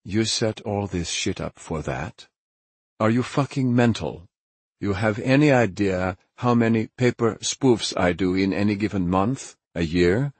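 A man's voice: fairly low pitch, unhurried, breathy edge, no room sound. A man voicing a crude, menacing male smuggler who talks in a sneering, boastful, vulgar way, read as an audiobook character. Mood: incredulous.

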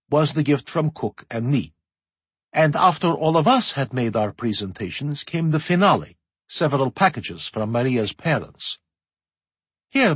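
A man narrating a historical novel in the first person, measured and expressive. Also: on the high side, husky, no echo. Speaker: audiobook narrator.

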